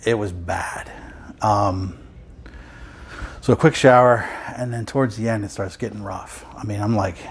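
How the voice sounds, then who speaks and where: A man's voice: lowish voice, steady tone, measured pace, pauses often, breathy edge. A man casually telling a long personal story at home, rambling and wry, often breaking off and restarting. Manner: rambling, self-interrupting, wry. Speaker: vinyl collector vlogger.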